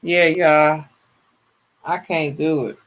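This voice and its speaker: A woman's voice: low-pitched, takes it slowly, slight background noise. A woman in her fifties hosting a casual livestream. She sounds worn out and chats with her viewers. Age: 50s. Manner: chatty, animated, laughs often, talks to viewers as y'all. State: tired, worn out. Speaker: livestream host. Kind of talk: casual livestream chat, reading viewer comments.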